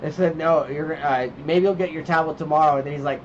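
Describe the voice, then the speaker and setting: A man chats loosely on a podcast, rambling from one story to the next and playing out what his kids said. His voice sits a bit high. The recording is dull and lo-fi, with a faint hiss behind him. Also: quick pace, hardly any pauses. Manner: rambling storyteller, acts out his kids' lines. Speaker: podcast co-host. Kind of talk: casual chat. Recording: dull lo-fi sound with faint noise.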